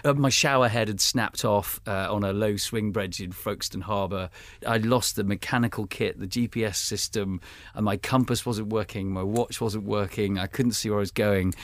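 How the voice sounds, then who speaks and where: A man's voice: on the low side, steady tone, normal speed, no room sound. A British man, a guest author, telling a self-mocking, humorous story in a rambling, casual way.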